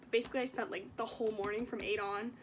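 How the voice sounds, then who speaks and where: A woman's voice: medium pitch, steady tone, rapid-fire, a little hiss or hum. A young woman vlogging in a casual, chatty way, sick and coughing now and then, with lots of fillers as she tells an emotional story. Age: young adult. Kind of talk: casual vlog chat.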